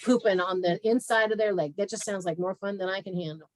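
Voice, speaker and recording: A woman's voice: mid-range voice, fast talker, dry recording, low-quality recording. A woman guest speaker, a health practitioner, telling her story candidly and acting out conversations on a video call. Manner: candid and animated, acts out conversations. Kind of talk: frank personal storytelling in an interview.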